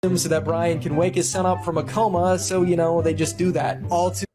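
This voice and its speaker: A man narrating a scripted movie recap in a wry, deadpan way. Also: sits high, moderate pace. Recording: played over background music.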